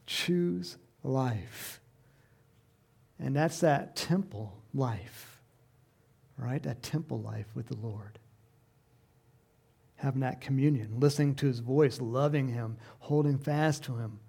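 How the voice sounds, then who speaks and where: A man's voice: medium pitch, takes it slowly, gravelly, long pauses, mellow, slightly rough. A middle-aged man preaching a sermon in a conversational, rambling way, breaking into emphatic bursts. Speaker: pastor.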